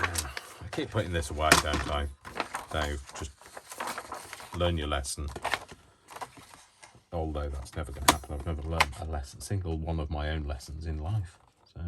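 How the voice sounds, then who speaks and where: A man hosting a crafting tutorial, chatting in a rambling way full of self-mocking asides. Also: a bass voice. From United Kingdom. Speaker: crafting channel host. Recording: loud noise from a faulty microphone.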